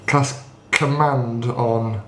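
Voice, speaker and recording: A man at a middle pitch plays a tabletop game and sets out his turns and rolls in a brisk, matter-of-fact way. His voice carries an echoey room sound with faint noise behind it. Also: steady tone, fairly bright tone. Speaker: player.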